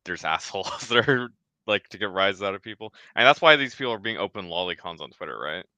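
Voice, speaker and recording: A man's voice: fairly low pitch, lively intonation, fast talker, bright, forceful tone, dry recording. A man chatting on a livestream, laid-back, explaining his view with small chuckles. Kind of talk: casual livestream chat.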